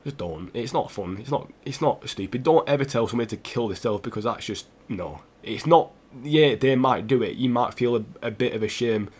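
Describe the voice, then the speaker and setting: A young man speaking straight to his stream audience, tearful and on the edge of crying. He talks earnestly and haltingly, stumbling over restarts and repeating himself, at a medium pitch for a man. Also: animated, a little mellow, slightly rough. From England. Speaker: gaming streamer. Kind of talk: emotional personal address to stream viewers.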